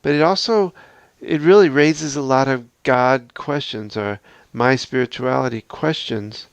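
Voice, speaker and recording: A man's voice: mid-range voice, a little slow, smooth, dry recording. A man hosting a podcast, talking through a numbered list in an earnest, reflective, unscripted way. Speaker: podcast host.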